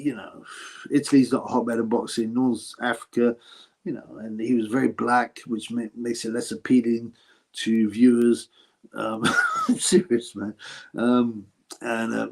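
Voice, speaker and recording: Hosting a casual live chat, a British man with an ordinary, slightly mellow mid-range voice reads viewer questions aloud. He follows each one with a blunt, crude reply.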